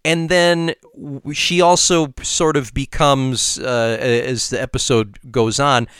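A man's voice: medium pitch, flat delivery, slow, a bit bright, clear, resonant tone, dry recording, studio quality. A man co-hosting a podcast, talking through his points step by step in casual discussion. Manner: thoughtful, explains step by step. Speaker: podcast co-host.

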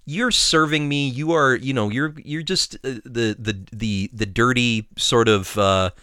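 A man co-hosting a podcast, talking casually with many pauses and restarts. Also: medium pitch, pushed and bright, clean tone, dry recording, clean studio sound. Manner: halting, many fillers and restarts. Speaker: podcast co-host. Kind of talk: casual chat.

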